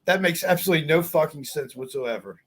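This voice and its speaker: A man's voice: a little high, fast, a bit bright, husky. A man co-hosting a podcast, talking in casual, sarcastic and profane banter. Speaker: podcast co-host. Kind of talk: casual chat.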